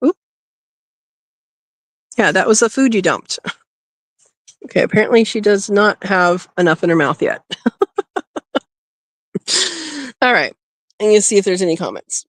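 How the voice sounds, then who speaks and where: Woman, unhurried homestead live-stream chat, coos at her rabbit, dry close sound. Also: medium pitch, very animated, no room sound. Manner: coos and talks to her rabbit, laughs often. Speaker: homesteading livestream host. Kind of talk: casual live-stream commentary. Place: outdoors by a rabbit hutch. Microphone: phone.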